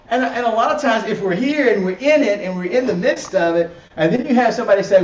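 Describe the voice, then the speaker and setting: A man's voice: high-pitched, lively intonation, quick pace, hardly any pauses, a little hiss or hum. Guy giving a church talk, keeps saying right?, sounds far off and kinda dull lo-fi. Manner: repetitive restarts, rhetorical "right?" tags. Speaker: ministry teacher. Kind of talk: recorded teaching session. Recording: roomy, distant, dull lo-fi audio.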